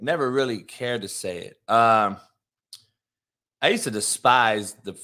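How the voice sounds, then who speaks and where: A man from Compton ranting crudely and mockingly in a commentary vlog. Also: lowish voice. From Compton, California, USA. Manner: crude, mocking, loud, laughs at own jokes. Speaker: vlogger.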